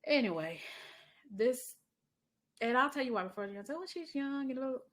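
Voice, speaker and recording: A middle-aged woman hosting a podcast, telling a story in a chatty way, calling her listener honey and dropping into soft asides. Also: a little high, animated, brisk. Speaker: podcast host. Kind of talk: casual podcast monologue.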